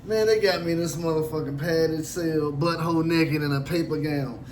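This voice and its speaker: With plenty of profanity, a man tells a true story about himself in a casual, animated way, acting out the other people involved. His voice runs on the high side at a normal speed, and there's slight background noise.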